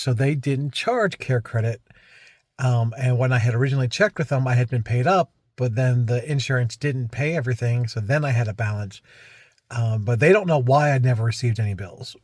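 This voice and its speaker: A man's voice: mid-range voice, no echo, studio quality. A man talking casually to camera in a rambling vlog, recounting a frustrating week with many restarts and asides. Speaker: vlogger.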